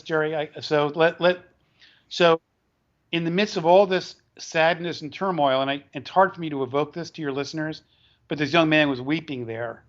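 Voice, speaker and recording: A man, an author and educator, tells a long story as an interview guest, halting often and restarting his words. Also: on the high side, fairly bright tone. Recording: dull lo-fi recording.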